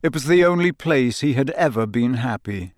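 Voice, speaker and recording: A man narrates a story in a steady, measured way, his voice sitting in a comfortable middle pitch. The recording is close and completely dry, with no room sound around it. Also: dry recording. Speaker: audiobook narrator. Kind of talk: scripted narration.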